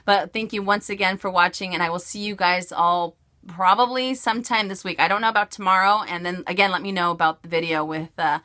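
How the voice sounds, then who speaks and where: A woman's voice: lowish voice, fairly even intonation, fairly quick, sharp tone. A woman from California answering viewer questions in a casual vlog, bubbly and chatty with frequent giggles. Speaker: beauty and fashion vlogger.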